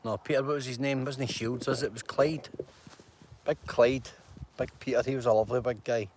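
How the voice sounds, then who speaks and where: A man in his forties rambles through a casual live stream on his phone, greeting viewers by name at an ordinary pitch. He is outdoors in a mountain glen, with faint noise underneath. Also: steady tone, a little fast, a little mellow.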